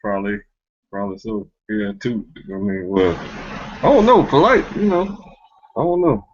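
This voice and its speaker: A man's voice: fairly low pitch, very animated, moderate pace, lo-fi sound. A man hosting a casual commentary chat, mocking and laughing often, speaking in loose street slang. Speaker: commentary show host.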